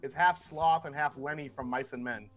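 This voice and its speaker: A man's voice: a little high, fairly even intonation, moderate pace, faint music behind. A man playing a tabletop game, joking casually and chatting in character. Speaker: player.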